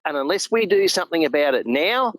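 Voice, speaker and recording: A man's voice: a little high, animated, brisk, a bit bright, no room sound, poor audio. A middle-aged Australian man, a truck driver guest, talking emphatically and earnestly in a casual chat.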